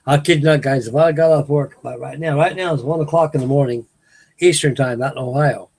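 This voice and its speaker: A man's voice: on the high side, fairly quick, darkish tone, breathy edge. An older man, rambling folksily as host of a late-night live chat with his viewers. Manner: folksy, meandering, restarts sentences. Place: home at night.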